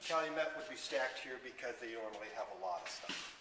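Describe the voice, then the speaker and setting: Inside a delivery van or loading area, a library delivery driver explains on camera how he loads his bins, speaking a little fast in a lively, mid-range voice. He tosses in dry, sarcastic asides, and the recording sounds echoey, roomy and distant, with background noise.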